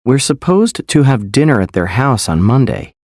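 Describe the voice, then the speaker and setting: A man reading grammar exercise sentences in a plain, clear manner. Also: mid-range voice, sing-song, normal speed, a little mellow, no room sound, studio quality. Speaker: example sentence reader.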